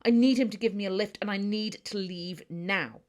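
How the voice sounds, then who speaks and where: A woman voicing a stressed, irritable young man who talks loudly and urgently. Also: low voice, normal speed, voice pushed down. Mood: stressed, snapping. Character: stressed young adult brother, snappy.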